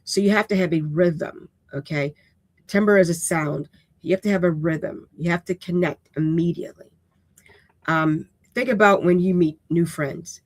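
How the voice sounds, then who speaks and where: A woman's voice: fairly low pitch, normal speed, no echo. Woman host of a live-streamed writing lesson; raw, plainspoken, keeps asking "okay?". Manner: casual and direct, checks in with "okay?"; unapologetically raw way of speaking.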